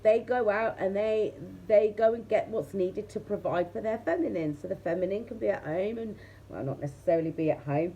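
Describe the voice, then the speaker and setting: A woman tarot reader with a medium-pitched, dark, slightly breathy voice chats casually with her viewers, addressing them directly and laughing often.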